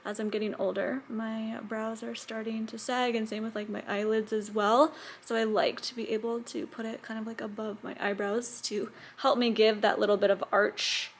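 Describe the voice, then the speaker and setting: A woman's voice: on the high side, level tone, normal speed, hardly any pauses, a little hiss or hum. A woman in her thirties vlogging casually at home, chatty and open, her talk full of "like" fillers. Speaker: lifestyle vlogger. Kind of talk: casual vlog talk to camera. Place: at home, indoors.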